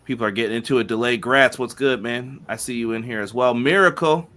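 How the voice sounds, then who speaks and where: Brisk and medium in pitch, a man co-hosts a wrestling podcast, reading viewer chat messages out loud. He keeps the live-stream chat upbeat and casual, greeting people by name.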